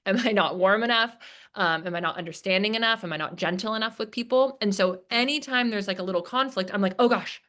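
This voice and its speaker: A woman's voice: lowish voice, fairly bright tone. A woman giving a casual workshop talk, chatty and full of fillers, acting out quoted lines as she explains. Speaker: speaker at a business workshop. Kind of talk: casual lecture. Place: presentation room.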